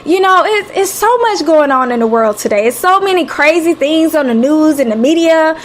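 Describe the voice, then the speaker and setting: A woman's voice: sits high, expressive, normal speed, a little hiss or hum. A woman with a Southern American accent, hosting a live motivational talk with a preacher-like, encouraging style, repeating phrases and calling listeners honey and sweetie. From Southern United States. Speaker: radio host. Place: home, live stream.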